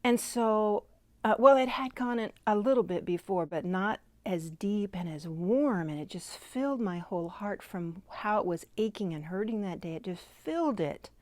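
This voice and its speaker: A woman giving a heartfelt personal faith testimony, speaking earnestly and gently, sometimes dropping to a soft half-whisper. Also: mid-range voice, lively intonation, normal speed, no echo. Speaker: Christian devotional speaker.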